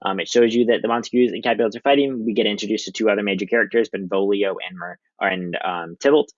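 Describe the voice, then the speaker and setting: A male teacher talks through a literature lesson in a chatty, casual way, leaning on lots of ums. His voice sits low, and the recording sounds dull and dry, as if made close up. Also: fairly even intonation, fast talker, no echo.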